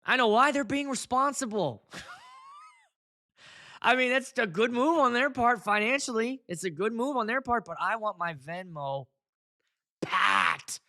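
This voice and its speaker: A man hosting a casual podcast, telling stories in an animated, profane, comic ranting way. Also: extremely high pitch, unhurried, pauses often. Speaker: podcast host, wedding DJ.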